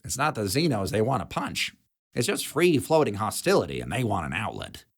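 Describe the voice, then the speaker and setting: A man's voice: fairly low pitch, sing-song, a little fast, husky, voice pushed up, exaggerated voice. A man voicing a blunt, jaded female security chief who smokes and talks in a dry, sardonic way.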